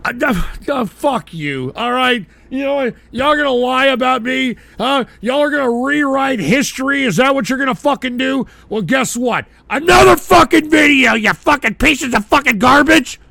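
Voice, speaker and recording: A man hosting a radio show, shouting and cursing in a comedic, exasperated rant. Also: extremely high pitch, expressive, moderate pace, gravelly, few pauses, no room sound.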